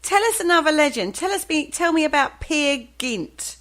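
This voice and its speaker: A woman's voice: high-pitched, animated, normal speed, fairly bright tone. A female podcast co-host whose voice swings up and down as she talks. She is playful and teasing, and laughs at her own slip-ups. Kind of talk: casual chat about folklore.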